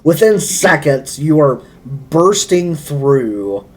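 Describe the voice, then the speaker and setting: Brief: male game master, unhurried delivery, lively swinging pitch. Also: breathy edge. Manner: slow, drawn-out dramatic narration. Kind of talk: narrating a tabletop game.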